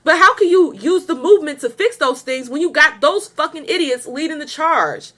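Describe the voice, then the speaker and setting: Blunt, exasperated high-voiced woman. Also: expressive, brisk, sharp tone. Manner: exasperated, blunt, profane, laughs often. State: pregnant. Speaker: reaction video host. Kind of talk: casual reaction commentary.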